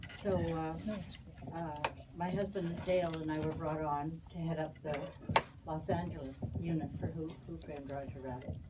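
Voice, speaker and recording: A woman animator reminiscing on a panel in a chatty, halting way with fillers. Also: sits low, fairly even intonation. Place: panel talk before an audience. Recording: distant mic with clear background noise.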